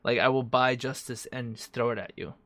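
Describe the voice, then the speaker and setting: A man's voice: mid-range voice, normal speed, sharp tone. A young man co-hosting a podcast, chatting casually, joking and swearing freely. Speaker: podcast co-host. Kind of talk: casual chat.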